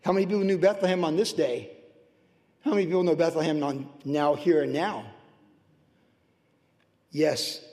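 A man preaching a sermon as pastor, passionate and swinging between loud outbursts and hushed asides. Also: on the high side, fairly even intonation, normal speed, long pauses, big-room sound. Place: church sanctuary.

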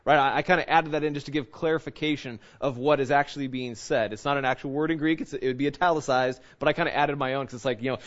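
A man preaching a conversational sermon, lively and full of fillers and restarts. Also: medium pitch, fast, few pauses, dull audio. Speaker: pastor.

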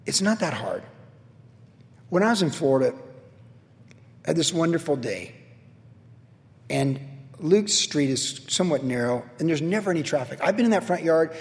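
Middle-aged male pastor, lively storytelling sermon, slightly high voice, echoing hall. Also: gravelly. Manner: animated storytelling, acts out quoted voices, laughs at himself.

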